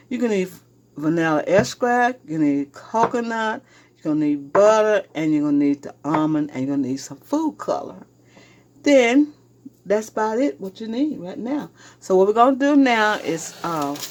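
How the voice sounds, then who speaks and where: A chatty Southern woman walks viewers through a recipe in her own kitchen, her voice sitting on the low side. Clear kitchen noise of handling and rustling runs behind her. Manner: chatty, addresses viewers as y'all. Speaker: home cooking show host. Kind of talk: casual cooking demonstration. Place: home kitchen.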